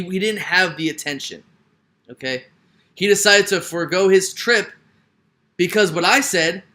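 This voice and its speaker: A man's voice: high-pitched, sharp tone. A young man delivering an emphatic sports opinion rant, repeating his points and tagging lines with "right?". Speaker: sports commentator. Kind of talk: ranting opinion monologue.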